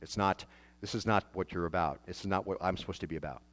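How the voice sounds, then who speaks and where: A pastor with a lowish male voice delivers a sermon in an unpolished, talky way. He fires off rhetorical questions at his congregation and trips over his own restarts as he goes. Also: fast. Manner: preaches in a conversational way, with many restarts and rhetorical questions.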